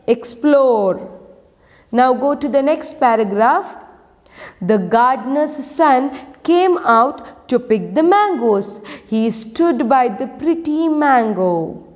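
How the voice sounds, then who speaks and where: Very slow woman teacher, reverberant. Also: on the high side, a little mellow. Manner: slow, repeats each vocabulary word. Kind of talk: reading a lesson aloud to pupils. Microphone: online class recording. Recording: long reverb.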